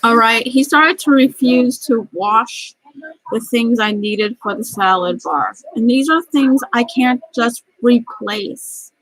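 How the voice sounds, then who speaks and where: A woman's voice: fairly high pitch, slow pace, a bit bright, no echo, rough recording. A middle-aged woman telling a rambling, angry story about work in a vlog. She is close to tears and often restarts her sentences. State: near tears. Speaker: vlogger.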